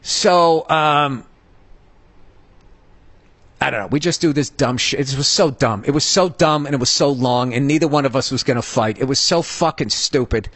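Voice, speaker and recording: A middle-aged man from the United States hosting a podcast, telling a story as a comedic rant, profane, heated and animated. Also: mid-range voice, normal speed, no room sound. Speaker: podcast host.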